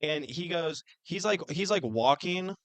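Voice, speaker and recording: A young man hosting a podcast, telling a story in an animated, profane rant. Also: fairly high pitch, measured pace, no room sound. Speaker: podcast host. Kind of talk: casual storytelling chat.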